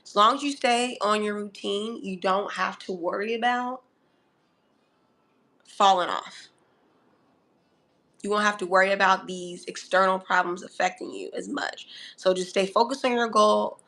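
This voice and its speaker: A woman's voice: mid-range voice, gravelly, fairly bright tone. A woman giving a casual spoken astrology reading who coaches the listener and keeps checking in with "okay?", calling them honey and darling. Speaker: astrology reader.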